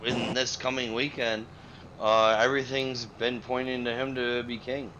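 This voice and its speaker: A man's voice: medium pitch, level tone, normal speed. A man chatting offhandedly on a live stream, trailing off his remarks. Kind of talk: casual chat on a live stream. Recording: dull lo-fi sound with crowd noise.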